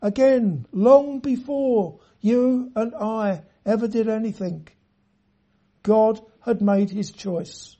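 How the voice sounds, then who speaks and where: A preacher giving an earnest sermon, reading scripture in a measured way and speaking straight to the listeners. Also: medium pitch, warm tone, dull audio. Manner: addresses listeners directly.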